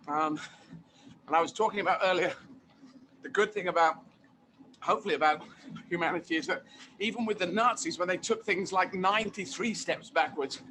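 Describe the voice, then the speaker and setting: A man being interviewed as a guest comedian, talking in an animated, emphatic way and repeating phrases for effect. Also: high voice, slight background noise. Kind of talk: casual interview chat.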